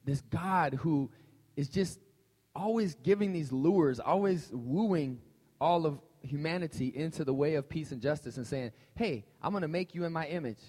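A man preaching a conversational, animated sermon and telling a personal story to his congregation. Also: medium pitch. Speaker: pastor. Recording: long hall reverb.

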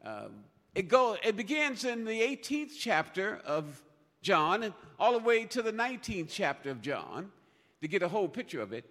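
High, bright-voiced preacher in a reverberant hall. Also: male voice, very animated, normal speed. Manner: emphatic, repeats phrases and builds to loud peaks. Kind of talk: sermon.

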